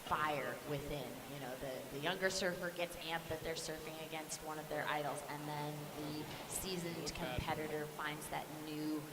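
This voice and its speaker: A woman guest commentator at a surf contest, talking in a reflective, measured way. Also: low-pitched, fairly even intonation, roomy sound. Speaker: guest commentator, pro athlete. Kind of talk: live sports commentary. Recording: distant mic with loud ambient noise.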